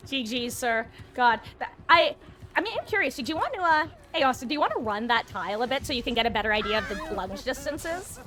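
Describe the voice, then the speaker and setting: Woman streamer, chatty gameplay commentary, slightly high voice, frequent laughs. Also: expressive, fairly quick, fairly bright tone. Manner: chatty, laughs often, talks to viewers and teammates.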